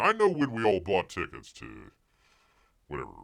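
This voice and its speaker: A man's voice: low-pitched, huge pitch swings, moderate pace, vocal fry, pauses often, fairly bright tone, no room sound. A man hosting a show, giving sarcastic, rambling news commentary full of fillers and asides. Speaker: host.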